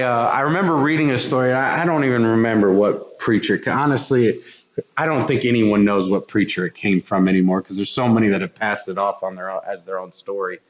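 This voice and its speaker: A man preaching a sermon in a church, earnest and repeating his words as he builds intensity. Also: mid-range voice. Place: church sanctuary. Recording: echoey, dull church recording.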